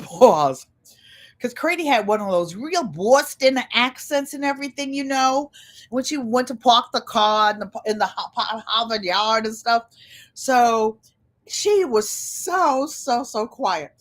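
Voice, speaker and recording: An older woman in her seventies with a Connecticut accent, chatting live to her viewers and calling them "you guys." She speaks slowly and at ease, in a fairly high voice, and she drifts from story to story. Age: 70s. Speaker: channel host. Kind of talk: live-stream chat. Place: indoor room with a large air conditioner. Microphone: computer.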